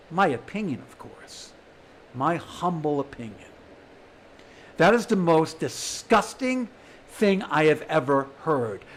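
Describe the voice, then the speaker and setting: A man's voice: sits high, a bit bright, rough recording. A man hosting his own livestream, delivering an angry, sarcastic rant full of swearing. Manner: heated, sarcastic, swears often. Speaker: livestream host.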